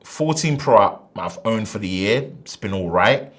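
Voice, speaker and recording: A man hosting a casual tech live stream, animated and slangy, swinging between loud bursts and quiet asides. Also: lowish voice, moderate pace.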